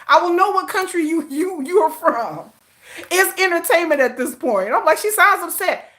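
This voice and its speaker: A woman hosting a casual K-pop livestream, reading viewer comments in a sassy, slangy manner and laughing often. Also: extremely high pitch. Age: adult, old enough to have a teenage child. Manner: sassy and animated, with slangy put-downs and frequent laughter.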